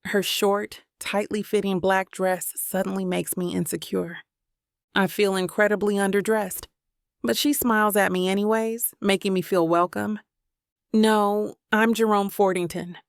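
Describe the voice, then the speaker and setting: A woman narrating a first-person romance audiobook in a gentle, intimate way on a close mic. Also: mid-range voice, fairly even intonation, normal speed, gravelly, no room sound.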